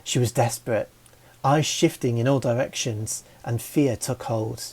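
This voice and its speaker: Guy narrating a fanfic audiobook, slow and soft, warm dark voice. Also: mid-range voice. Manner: slow, even reading. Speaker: audiobook reader. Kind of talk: storybook narration.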